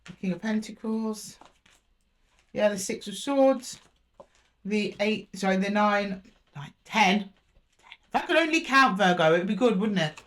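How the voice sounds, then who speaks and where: A woman's voice: medium pitch, lively intonation, measured pace, long pauses, a bit bright. A woman giving a casual tarot reading, thinking aloud, repeating card names as she draws them and correcting herself with fillers. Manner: chatty and reassuring with frequent fillers and self-corrections. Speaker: tarot reader.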